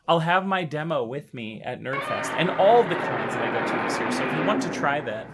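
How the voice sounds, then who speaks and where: Excitable streamer man, strained voice. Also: on the high side, normal speed, few pauses, slight background noise. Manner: excitable and emotional, rambling with many restarts. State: voice still recovering, a bit strained. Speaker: live streamer. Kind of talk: casual live-stream chat.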